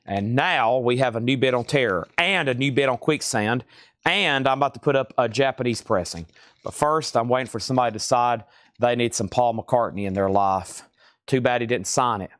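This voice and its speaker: A man's voice: mid-range voice, fairly bright tone, no room sound. Man running a live record sale. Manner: rapid-fire auctioneer patter, hums tunes. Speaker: host. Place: record shop.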